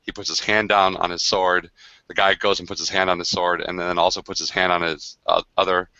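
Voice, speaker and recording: A man's voice: low voice, flat delivery, a little fast, sharp tone, no room sound, highs cut off. A man casually recounting a tabletop game session on a video call, rambling with many fillers and restarts. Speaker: game designer on a livestream.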